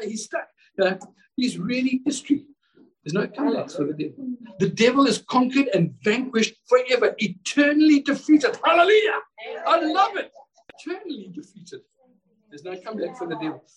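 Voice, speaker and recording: High-pitched guy preaching at church, all fired up, mic kinda far off. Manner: fervent, exclamatory, repeats words when building a point. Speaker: pastor. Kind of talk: sermon. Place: church service.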